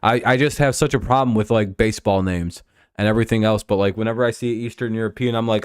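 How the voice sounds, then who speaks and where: A man hosting a live stream, giving casual play-by-play and rambling, swearing chat between pitches. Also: steady tone, quick pace, clear, resonant tone, no echo, clean studio sound. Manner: rambling and profane, with frequent fillers.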